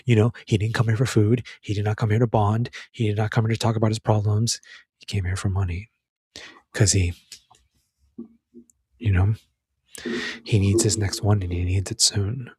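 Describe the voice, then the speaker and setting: A man's voice: on the low side, flat delivery, moderate pace, long pauses, darkish tone, breathy edge, no room sound, studio quality. A man giving a casual, earnest commentary on a film scene, emphatic and full of restarts.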